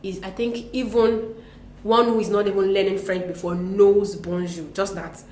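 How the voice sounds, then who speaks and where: A woman's voice: medium pitch, little pitch movement, normal speed, darkish tone, reverberant. A woman co-hosting a casual bilingual lesson, patiently explaining French to learners and switching between French and English. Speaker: French teacher co-host.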